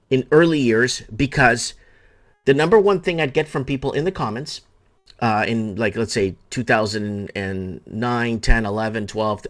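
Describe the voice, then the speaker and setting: A man's voice: mid-range voice, fairly bright tone. A man in his thirties hosting a call-in show, telling rambling stories in casual chat. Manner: rambling, anecdotal. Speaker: host.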